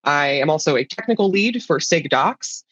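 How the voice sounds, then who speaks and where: A woman's voice: low-pitched, lively intonation, normal speed, fairly bright tone, dry recording, muffled recording. A woman giving a casual, chatty talk as a guest speaker, informal and laid-back, sometimes swearing.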